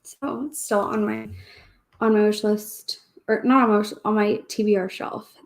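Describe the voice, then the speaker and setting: A woman's voice: medium pitch, level tone, moderate pace, creaky. A woman hosting a book channel, chatting casually on a livestream in a rambling way and laughing often.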